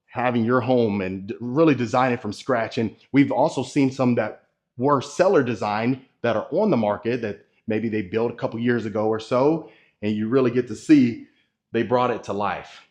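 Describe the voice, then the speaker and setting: A man leads a walking tour of a new home, chatting to his viewers like regulars. His voice sits at an ordinary middle pitch, and his delivery is salesy and easygoing as he points out features room by room. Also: normal speed, a little mellow. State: a bit out of breath. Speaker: real estate tour host. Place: inside and around a model home.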